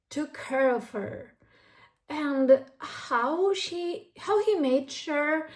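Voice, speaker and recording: A woman's voice: high-pitched, a little mellow. A woman book vlogger chatting candidly to camera, swearing freely and jumping between thoughts. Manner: candid, heavy swearing, restless. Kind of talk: casual reading vlog.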